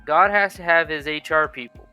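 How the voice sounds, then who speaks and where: A man's voice: fairly high pitch, moderate pace, sharp tone, smooth, soft background music. A young adult man hosting a podcast in casual chat, joking with loose profanity. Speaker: podcast host.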